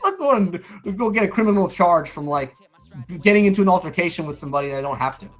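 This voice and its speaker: A man's voice: sits high, fast talker, faint music behind. A middle-aged man chatting casually on a stream, telling stories with lots of swearing and acting out what people said. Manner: animated storyteller, acts out quotes, swears freely. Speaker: stream co-host. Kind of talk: casual chat.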